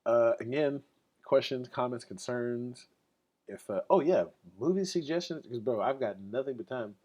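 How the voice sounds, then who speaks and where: A man's voice: mid-range voice, animated, moderate pace, dark tone, dull audio. A man hosting his own podcast alone, talking casually in a loose, rambling and profane way with lots of "like" fillers. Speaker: podcast host. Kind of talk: casual solo podcast talk.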